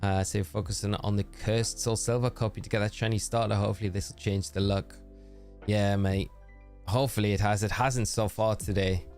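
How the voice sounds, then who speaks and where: A man's voice: on the low side, fairly even intonation, fairly quick, a little mellow, soft background music. A man with a tired voice, chatting casually and cheerfully with viewers while live-streaming a game. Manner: chatty and upbeat, thanking viewers by name.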